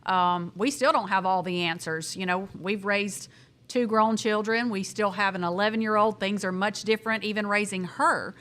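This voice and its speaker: A woman in her forties shares parenting thoughts on a podcast. She speaks in an encouraging, warm way, pausing now and then with a soft "um". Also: mid-range voice, fairly even intonation. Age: 40s. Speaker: podcast co-host, mother. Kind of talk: casual advice talk.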